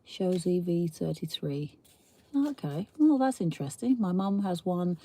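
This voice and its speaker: A woman's voice: lowish voice, animated, normal speed, dark tone. A middle-aged woman with a South East London accent, hosting a casual live stream: chatty and rambling, laughing often and reading viewer comments aloud. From England. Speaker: livestream host.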